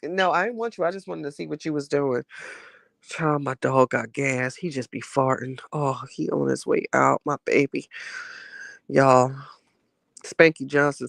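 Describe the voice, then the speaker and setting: A man's voice: mid-range voice, vocal fry, fairly bright tone, no echo. A man vlogging in a chatty, sassy way while sick with a cold and a bit winded. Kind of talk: casual chat to camera.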